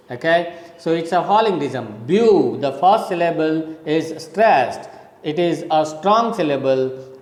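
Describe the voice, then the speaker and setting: Slow, patient male lecturer in an echoey room. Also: fairly high pitch. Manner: slow, explanatory, repeats words and counts steps aloud. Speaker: college lecturer. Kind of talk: recorded classroom lecture. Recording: echoey room with long reverb.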